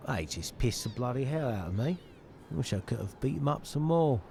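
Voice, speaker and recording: A man's voice: medium pitch, animated, normal speed, creaky, dark tone, a little hiss or hum. A man reading the lines of a cocky young female thief aloud while playing, in his own plain voice without an accent. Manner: reads game dialogue aloud in a plain voice, no accent. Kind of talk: reading game dialogue aloud.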